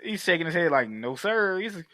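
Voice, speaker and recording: A man's voice: high voice, sing-song, a little fast, sharp tone, no echo. A man co-hosting a podcast, recapping a film in casual, profane chat and acting out the scenes in voices. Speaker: podcast co-host.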